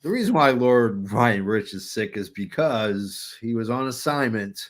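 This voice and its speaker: A man's voice: lowish voice, animated, measured pace. A man co-hosting a wrestling podcast in casual chat, joking in a mob-boss persona and laughing often. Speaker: podcast co-host.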